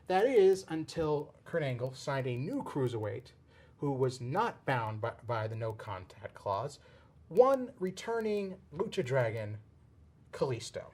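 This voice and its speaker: A man hosting a casual podcast, explaining a storyline in a rambling, excitable way with frequent restarts. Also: medium pitch, unhurried. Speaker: podcast host. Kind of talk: casual wrestling chat.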